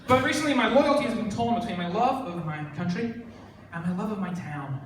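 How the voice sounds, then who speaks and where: A young Australian man in his twenties doing a stand-up set in a comedy club, with a deadpan, sardonic delivery. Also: high-pitched, fairly quick. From Fremantle, Western Australia. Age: 20s. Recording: echoey club, distant mic, noisy.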